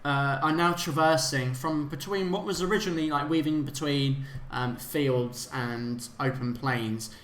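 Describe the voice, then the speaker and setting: A man narrating a tabletop game as game master, halting and full of fillers. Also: fairly high pitch, fairly bright tone, reverberant. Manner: halting, many fillers and restarts.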